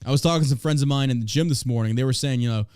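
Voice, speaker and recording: A man's voice: medium pitch, very fast, darkish tone, smooth, no echo, clean studio sound. Blunt, profane man ranting. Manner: blunt and profane, reading news aloud and ranting. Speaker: podcast host. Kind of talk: casual podcast commentary.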